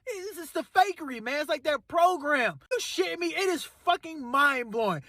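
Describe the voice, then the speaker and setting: A man with a notably high voice ranting in heated, cursing bursts, circling back to the same complaints and now and then shouting. The sound is dry and close, with no room echo. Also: expressive, normal speed. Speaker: commentator ranting to camera. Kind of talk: angry profane political rant.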